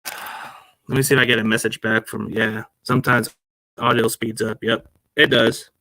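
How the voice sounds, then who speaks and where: A man hosts a sports podcast into a laptop mic, chatting casually and rambling in slang while calling listeners "man" and "dude." His voice is lowish and sharp in tone, with little pitch movement and normal speed, and the recording is dry.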